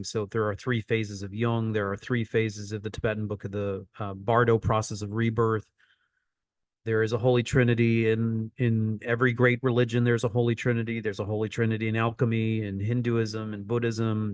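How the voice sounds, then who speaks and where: A man's voice: on the low side, dry recording, studio quality. A man coaching an online teaching session, repeating phrases for emphasis as he explains.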